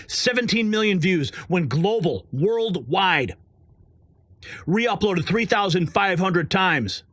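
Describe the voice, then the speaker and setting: A man's voice: sits high, a bit bright, dry recording, clean studio sound. A man hosting a political commentary show, heated and sarcastic, drawing out words for emphasis. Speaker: host.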